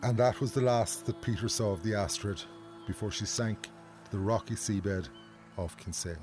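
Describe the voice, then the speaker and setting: A man narrating a documentary in a measured, even storytelling manner. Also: fairly low pitch, over music. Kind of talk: scripted narration.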